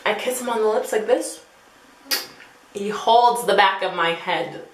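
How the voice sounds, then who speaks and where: A young adult woman vlogger telling a story in a lively, chatty way, acting out what people said and leaning on lots of "like" fillers. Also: medium pitch, measured pace. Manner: animated, acts out quotes, many "like" fillers. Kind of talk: storytime vlog. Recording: echoey room with faint hum.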